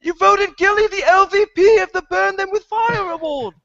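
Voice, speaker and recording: A man putting on a high, wailing voice as a heartbroken young man, outraged and upset. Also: moderate pace, creaky, fairly bright tone, no room sound, heavily acted. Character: distraught young man, a fan's lover. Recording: dull lo-fi podcast audio.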